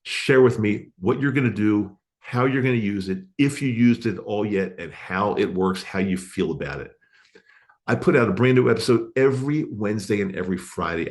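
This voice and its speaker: A man's voice: on the low side, moderate pace, a little mellow. A man hosting his podcast alone, talking in an earnest, encouraging way and repeating his phrases, into a studio microphone. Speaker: podcast host. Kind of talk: casual podcast monologue.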